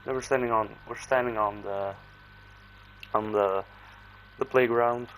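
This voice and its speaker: A man's voice: lowish voice, steady tone, fairly bright tone, slight background noise, poor audio. A young man telling a casual story, rambling, with slang and many restarts, briefly acting out the voices in it. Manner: acts out his own and others' lines in quick bursts.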